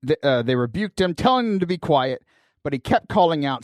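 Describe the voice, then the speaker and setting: Brief: animated young male podcast host, higher-pitched, jokey, dry close sound. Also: fairly quick, no echo. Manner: animated, joking, laughs while telling stories. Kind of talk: casual comedic talk show.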